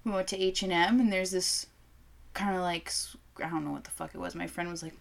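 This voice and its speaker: A woman's voice: on the low side, fairly quick, gravelly. A young adult woman chatting casually as a beer-review co-host, telling stories and swearing freely. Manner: lively, profane storyteller. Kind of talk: casual chat.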